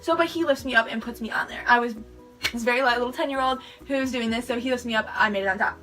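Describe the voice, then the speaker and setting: A woman's voice: a little high, quick pace, bright, forceful tone. A teenage girl telling a storytime vlog, rambling and packed with "like" fillers. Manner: rambling, filler-heavy retelling with lots of "like". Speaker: vlogger. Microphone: camera mic. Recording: sped-up audio from a distant mic with music behind.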